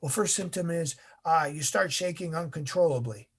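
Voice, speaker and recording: A man's voice: a little high, moderate pace, husky. A man acting out a hesitant, matter-of-fact male navy doctor who fills his sentences with uh. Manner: hesitant, dry, full of uh.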